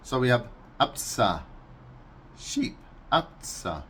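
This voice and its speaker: A Scottish man vlogging casually, unhurried and amused, breaking into animal noises. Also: medium pitch, expressive, a bit bright, breathy edge. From Scotland. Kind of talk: casual explainer vlog.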